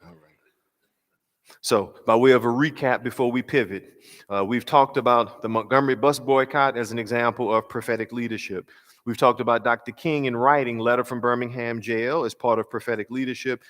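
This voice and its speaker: Male pastor, workshop lecture, measured emphatic delivery, mid-range voice, long hall reverb. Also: medium pitch, steady tone, a bit bright. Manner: measured and emphatic, slowing on key phrases; asks rhetorical questions.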